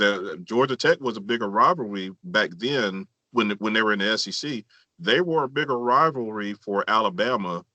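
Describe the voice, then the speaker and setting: A man's voice: fairly low pitch, pushed and bright, no echo. A man co-hosting a casual football chat, matter-of-fact with some repeated words. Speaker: co-host.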